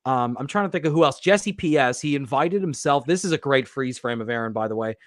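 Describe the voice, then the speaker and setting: A man's voice: medium pitch, expressive, fairly quick, dry recording, studio quality. A man guesting on a podcast, rambling on in casual banter. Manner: rambling, long-winded.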